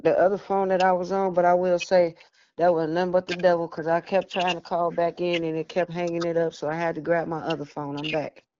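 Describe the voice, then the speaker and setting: A woman's voice: on the low side, flat delivery, brisk, a little mellow, a little hiss or hum. Chatty woman sharing on a church call. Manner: chatty, rambling with many likes. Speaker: church member. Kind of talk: casual testimony on a church call. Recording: muffled phone line.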